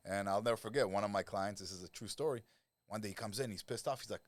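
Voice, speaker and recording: A middle-aged man, a lifestyle coach talking as a podcast guest, who tells animated stories, swears freely and acts out the people he quotes. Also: on the low side, quick pace, dry recording. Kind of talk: casual podcast conversation.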